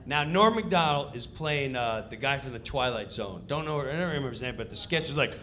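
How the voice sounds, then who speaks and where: A man telling a stand-up comedy story in an animated, punchy way, acting out the scenes. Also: mid-range voice, brisk, few pauses.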